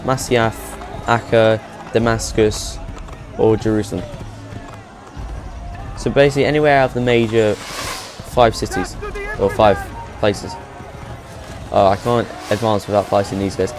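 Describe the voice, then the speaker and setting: Rambling let's-play host. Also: male voice, lowish voice, steady tone, a little slow, pauses often. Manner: chatty, rambling, laughs at himself. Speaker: gaming video host. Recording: game music playing behind.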